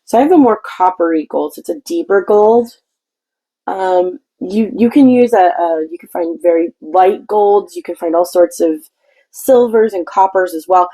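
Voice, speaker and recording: This craft tutorial host talks at a moderate pace in a fairly low, mellow voice, captured on a low-quality recording. She meanders chattily through explaining her painting step by step, restarting often.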